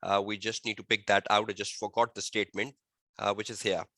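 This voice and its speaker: A man tutoring an online exam-prep webinar, firing repeated rhetorical questions at students and dictating model answers slowly. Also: fairly low pitch, little pitch movement, a bit bright, no room sound. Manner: slow, deliberate dictation of answer phrasing.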